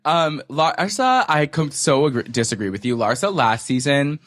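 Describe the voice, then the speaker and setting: A man's voice: a little high, normal speed, dry recording, clean studio sound. A man co-hosting a podcast, chatting casually and campily about reality TV, full of profanity and dramatic retellings. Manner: campy, profane, animated retellings. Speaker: podcast co-host. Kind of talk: casual reality-TV recap chat.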